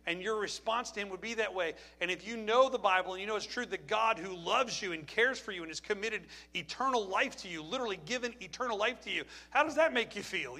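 A middle-aged male pastor delivering an impassioned sermon, climbing to near-shouts and then dropping low and quiet.

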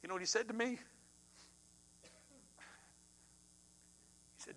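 A man preaching, middle-aged, his voice sitting high and bright. He swings between ringing, forceful outbursts and quiet, hushed passages as he tells a story from the pulpit. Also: slow pace, rough recording. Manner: animated, swings from loud outbursts to hushed tones. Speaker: pastor. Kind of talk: sermon with personal story.

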